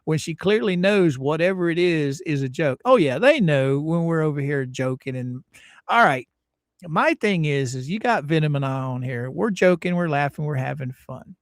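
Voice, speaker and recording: A man's voice: on the high side, expressive, moderate pace, no echo, studio quality. A man hosting a livestream, chatting casually in a rambling, joking way and laughing often. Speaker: livestream host. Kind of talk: casual commentary chat.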